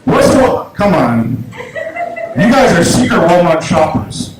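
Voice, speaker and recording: Halting man doing stand-up in an echoey club. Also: on the high side, very animated. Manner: halting, self-deprecating delivery with many restarts. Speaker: stand-up comedian. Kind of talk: stand-up comedy set. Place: small comedy club. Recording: echoey club room, audible noise, poor sound.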